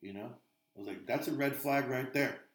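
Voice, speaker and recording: A man's voice: medium pitch, moderate pace, reverberant. A man on a podcast, telling rambling stories full of swearing in casual chat. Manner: profane, rambling storyteller. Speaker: podcast co-host.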